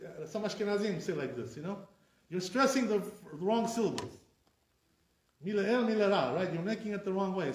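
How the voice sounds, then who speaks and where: A man's voice: high voice, a little mellow. A man, a rabbi, teaching a casual class and saying "right?" often while he acts out wrong and right pronunciations. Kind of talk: informal class lecture. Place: classroom with a live audience. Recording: echoey room, voice picked up from a distance.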